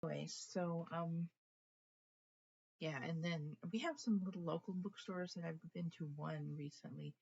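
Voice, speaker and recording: A woman's voice: lowish voice, normal speed, gravelly, darkish tone, slightly rough, muffled recording. A woman in her forties talking casually and rambling from topic to topic in a home vlog. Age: 40s. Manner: chatty, rambling, easily sidetracked. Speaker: book vlogger. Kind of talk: casual chat.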